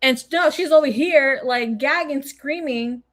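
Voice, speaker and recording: A young adult woman, telling a story in a casual, animated way, swearing a lot and acting out what people said. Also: sits high, unhurried.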